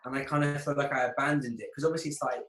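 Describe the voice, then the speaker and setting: A young man appears as a podcast guest in a casual chat, speaking at a racing pace in a mid-range voice. He is an animated storyteller who acts out his friends' lines in lively voices, swearing heavily. The room is echoey.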